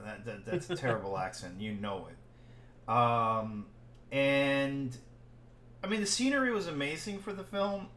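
A man chatting casually about films on a podcast, rambling and laughing as he goes. His voice sits mid-range and carries a noticeable room echo. A faint ambient noise hums underneath. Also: mid-range voice. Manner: rambling, laughs often, animated when joking. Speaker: podcast co-host. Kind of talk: casual movie chat.

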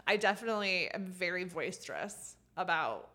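A woman co-hosting a podcast in casual chat, talking with lots of fillers and quick laughs, seated at a mic. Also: fairly low pitch. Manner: giggly, filler-heavy, animated talk. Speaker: podcast co-host. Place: seated at a podcast desk indoors. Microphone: studio mic in front of her.

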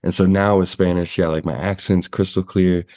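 Male podcast host, low dark voice, dry close sound, easygoing chat. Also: normal speed, no room sound. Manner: relaxed, uses many fillers like "like". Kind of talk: casual interview chat.

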